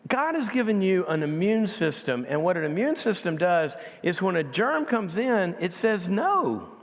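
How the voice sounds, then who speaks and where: Gravelly-voiced man preaching in a hall. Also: fairly high pitch. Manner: conversational, laughs at own jokes. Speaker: guest speaker. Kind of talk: sermon. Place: large church auditorium. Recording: long hall reverb.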